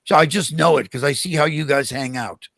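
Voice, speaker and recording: An older man, a guest on a podcast, telling animated stories in casual conversation and acting out the voices of the people in them. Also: on the high side, a little fast, gravelly, no room sound. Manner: animated anecdotes with acted-out quotes. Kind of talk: casual storytelling interview.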